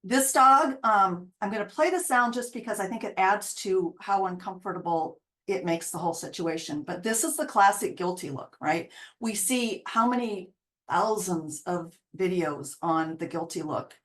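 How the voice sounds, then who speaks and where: A woman dog trainer talks over video clips, casually explaining dog body language in a narrated breakdown. Her mid-range voice is expressive and fairly bright at a moderate pace, and she's chatty and explanatory, sometimes quoting what the dogs might say.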